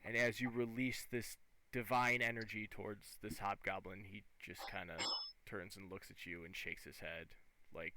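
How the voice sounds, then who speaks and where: A man running a tabletop game as game master, describing the action in lively, vivid narration. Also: fairly low pitch, moderate pace, a little hiss or hum, poor audio.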